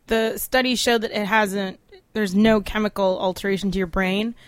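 A young woman co-hosting a casual podcast in an apartment, easygoing and giggly, a bit halting. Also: medium pitch, steady tone, dry recording. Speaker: podcast co-host. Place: small apartment.

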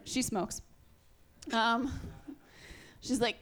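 A woman in her twenties performing a stand-up set, dry and self-mocking, halting with frequent ums. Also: a little high. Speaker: stand-up comedian.

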